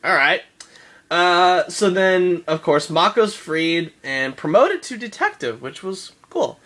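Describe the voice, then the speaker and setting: A man's voice: high voice, very animated, slow, a bit bright. A man giving a casual episode recap, rambling and swearing, often laughing. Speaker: show reviewer.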